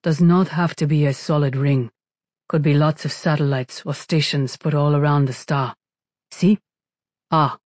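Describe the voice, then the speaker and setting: A narrator voicing a methodical woman engineer who speaks slowly in clipped sentences that drop small words. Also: low voice, fairly even intonation, a little mellow, no room sound, clean studio sound. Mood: thoughtful.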